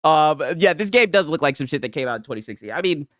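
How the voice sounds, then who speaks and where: A young man rants in loose, profane commentary, his pitch bouncing all over and sitting a bit high for a man. He rambles, tacks "right?" onto nearly everything, and the dry, close sound leaves no room around him. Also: lively intonation, fast talker, no room sound. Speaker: streamer. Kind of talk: casual ranting commentary.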